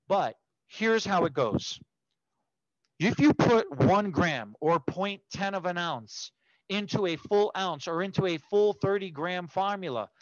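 High-voiced man teaching hair toning. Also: dry recording, dull audio. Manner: explains step by step, repeats figures, corrects himself. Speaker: hair color educator. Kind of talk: instructional explanation.

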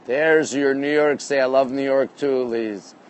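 A man's voice: mid-range voice, steady tone, normal speed, smooth. Chatty man live-streaming from a rooftop. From Canada. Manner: chatty, greets viewers by name, upbeat. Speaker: livestream host. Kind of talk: live-stream chat reading viewer comments. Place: rooftop deck outdoors at night. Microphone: phone held in hand.

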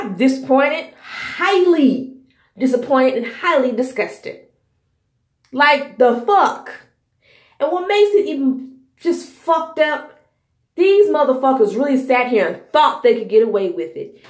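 Heated, high-voiced woman ranting. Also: echoey room. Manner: profane, heated, scolding. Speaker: podcast host. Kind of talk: angry commentary rant.

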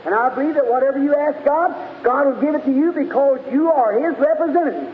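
A man in his forties delivers a fervent, folksy sermon in a very high voice. The sound is thin and phone-like, with a long echo from a large church hall. A faint hiss sits under the old 1950s tape. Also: fairly quick. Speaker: evangelist preacher.

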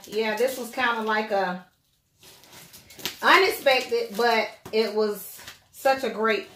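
Breathless, excitable woman vlogger with a slightly high voice, rambling casually in a roomy, echoey space. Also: a little hiss or hum. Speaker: vlogger, doll collector. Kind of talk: casual unboxing vlog. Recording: echoey room.

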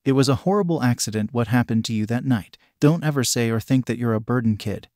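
A man reading a gentle hero guardian, soft and reassuring. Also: medium pitch, fast talker, no room sound, clean studio sound, lightly acted. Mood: tender.

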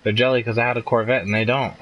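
Racing through his gameplay commentary, the young man sounds flat yet a bit bright in the middle register, and the audio quality is poor. Frustration drives him to swear, though he also erupts into laughter.

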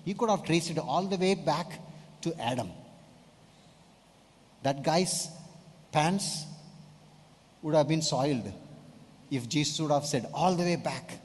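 Emphatic pastor preaching. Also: male voice, a little high, slow, pauses often. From India. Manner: emphatic, asks congregation questions. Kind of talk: sermon. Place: church hall. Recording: long hall reverb.

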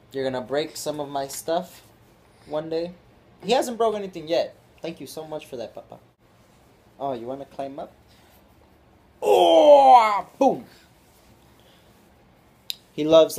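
A man's voice: on the high side, a little mellow. A young man in a casual vlog, playful and teasing, with a voice that swings up and down a lot. He baby-talks to his puppy and drops Spanish phrases into his chat. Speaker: vlogger.

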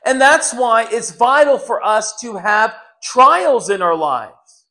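A man's voice: extremely high pitch, lively intonation, slow pace, pushed and bright. A middle-aged man preaching a sermon, telling stories earnestly with frequent restarts. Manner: earnest, storytelling with repeated restarts.

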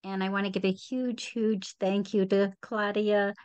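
A woman's voice: medium pitch, level tone, a little slow, a little mellow, smooth. A woman hosting a reading series, welcoming the audience and reading a guest's bio. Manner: reads a guest bio aloud. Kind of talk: introducing readers.

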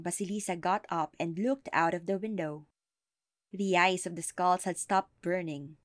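A woman reading a folktale aloud as an audiobook narrator, slow and deliberate. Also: on the low side, fairly even intonation, no echo, studio quality. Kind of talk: storybook narration.

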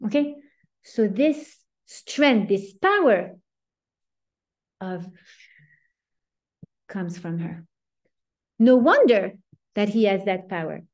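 A woman's voice: medium pitch, animated, takes it slowly, long pauses. A woman giving a Torah lesson, earnest and emphatic, often restarting her sentences. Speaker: Torah teacher.

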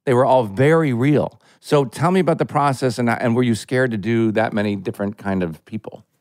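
A man's voice: medium pitch, a little fast, a little mellow, no room sound. An earnest male podcast co-host, enthusiastic as he asks his guest questions. His voice sits mid-range, and the recording is dry. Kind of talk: casual podcast chat.

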